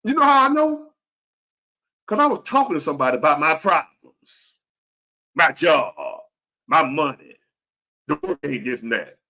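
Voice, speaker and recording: Blunt, high-voiced man in his fifties. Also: sing-song, unhurried, pauses often, pushed and bright. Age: 50s. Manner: blunt, profane, preachy. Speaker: vlogger. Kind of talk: motivational rant to camera.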